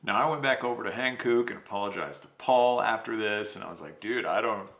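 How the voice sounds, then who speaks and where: A man hosting his podcast, telling a story in a casual, animated way, swearing freely and acting out what people said. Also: fairly low pitch, quick pace, reverberant. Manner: animated, swears, acts out quotes. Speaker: podcast host.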